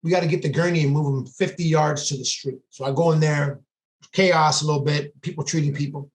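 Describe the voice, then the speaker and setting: A police sergeant with a fairly high voice speaks briskly, his intonation fairly even, while telling a casual podcast story. He delivers it with intensity and quotes what people said, in a room with echo.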